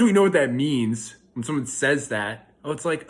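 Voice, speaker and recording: A man's voice: medium pitch, animated, normal speed, few pauses. A young man telling a rambling, self-correcting story in a casual monologue, filmed outdoors at a park. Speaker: vlogger.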